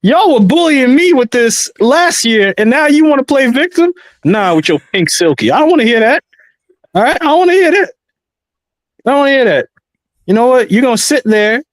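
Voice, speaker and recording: A man co-hosting a podcast in casual banter, teasing the others in animated rants and repeating his lines. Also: very high voice, fairly quick, dry recording. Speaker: podcast co-host.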